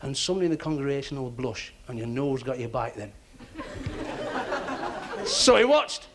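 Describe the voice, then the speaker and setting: A man doing stand-up, telling a joke as an animated story on stage. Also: mid-range voice, moderate pace, a faint crowd. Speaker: stand-up comedian. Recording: old TV audio with audience laughter.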